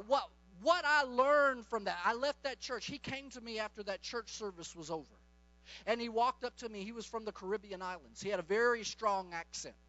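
A man's voice: high-pitched, bright, forceful tone. A middle-aged man preaching a charismatic sermon, fervent and commanding as he tells stories. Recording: dull lo-fi recording.

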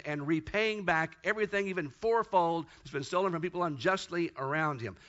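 A male pastor delivers a church sermon in a high, bright voice. He is emphatic and slows down to stress each verse he quotes. The recording sounds dull and lo-fi. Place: church service.

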